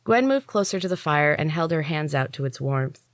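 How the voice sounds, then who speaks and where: Woman storyteller, low voice, measured expressive audiobook narration, dry recording. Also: no room sound. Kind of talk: audiobook reading.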